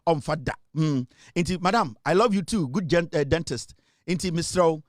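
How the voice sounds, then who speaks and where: A middle-aged Ghanaian man hosts a live online show with a fairly high voice. He tells stories in a lively way, switching between Twi and English and laughing often. The sound is dry and close. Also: moderate pace, dry recording. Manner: animated storyteller who mixes Twi and English and laughs often. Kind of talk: lively livestream commentary.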